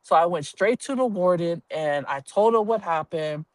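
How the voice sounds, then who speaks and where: A woman's voice: fairly low pitch, lively intonation, normal speed, dry recording. A woman who works as a union representative at a prison telling a personal story in a candid, earthy way, swearing freely and laughing at herself.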